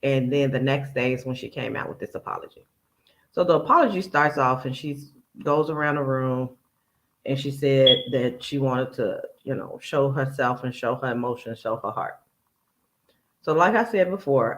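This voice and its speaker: A man's voice: mid-range voice, fairly bright tone, rough recording. A man hosting a casual reaction commentary, chatty and picking apart another person's words as he quotes them. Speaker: commentary channel host.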